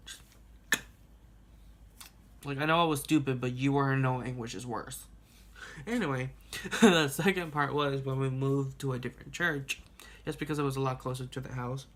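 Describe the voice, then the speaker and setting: A young man telling a childhood story in a casual vlog, rambling and animated, laughing and swearing as he goes. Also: mid-range voice, moderate pace, long pauses. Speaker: vlogger.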